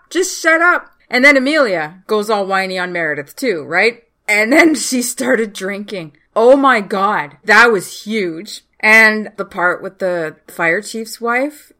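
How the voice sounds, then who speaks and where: A woman's voice: mid-range voice, fairly bright tone. Gushing woman recapping TV shows. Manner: gushing, emotional, exclaims often. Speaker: podcast host. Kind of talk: casual TV recap chat.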